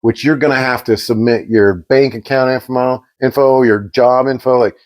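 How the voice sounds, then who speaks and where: A man co-hosting a podcast, chatting casually and telling an animated story, acting out the quoted exchanges. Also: mid-range voice, moderate pace. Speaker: podcast co-host.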